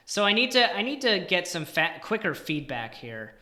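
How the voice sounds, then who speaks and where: Sharp in tone, with a high, sing-song voice, this man talks at a moderate pace with few pauses. He is coding on a live stream, thinking aloud, muttering in exasperation and at times nearly whispering, all in a room with noticeable echo.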